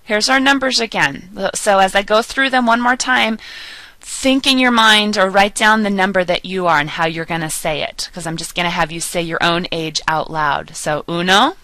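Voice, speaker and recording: A woman teaching a beginner Spanish lesson, drilling sounds slowly and pausing for learners to repeat. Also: medium pitch, bright, forceful tone, dry recording. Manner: slow, patient drilling with pauses for repetition. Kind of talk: recorded online lesson.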